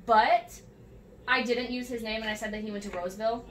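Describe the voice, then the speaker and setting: A high-pitched teenage girl tells a rambling story, leaning on "like" constantly. She sits away from the microphone, so her voice comes through roomy and echoey with a faint hiss behind it. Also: fairly even intonation, a little fast, fairly bright tone. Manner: storytelling with many "like"s, laughing and near tears. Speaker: podcast host. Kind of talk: casual chat. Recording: far from the mic in an echoey room with faint noise.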